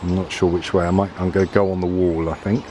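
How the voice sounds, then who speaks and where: A man's voice: low voice, flat delivery, quick pace, noisy background. A man chatting casually while walking through summer woods with a handheld camera. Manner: rambling, chatty, thinking aloud. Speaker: vlogger on a woods walk. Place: outdoors in summer woodland. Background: birdsong and faint outdoor ambience.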